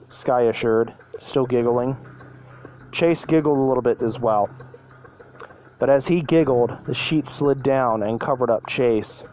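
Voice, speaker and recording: A man's voice: medium pitch, fairly even intonation, normal speed, a little mellow, soft background music, low-quality recording. Man stumbling through a storybook reading. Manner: stumbling, self-correcting reading. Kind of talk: reading a fan story aloud.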